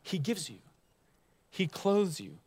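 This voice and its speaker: A man's voice: sits high, sing-song, slow, darkish tone, slightly rough. A man in his thirties, a guest pastor, preaching a conversational sermon full of rhetorical questions and asides.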